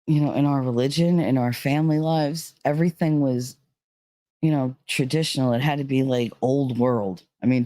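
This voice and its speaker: A woman's voice: rumbling low, dark tone, no echo. A woman telling a personal story in a casual, rambling way, full of "like" and "you know.". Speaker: vlogger.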